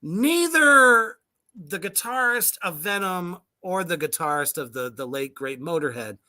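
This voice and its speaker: Lively, bright-voiced sarcastic woman co-host. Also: on the low side, measured pace. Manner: sarcastic, swears freely, laughs often. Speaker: co-host reading and mocking a music list. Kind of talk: casual profane commentary.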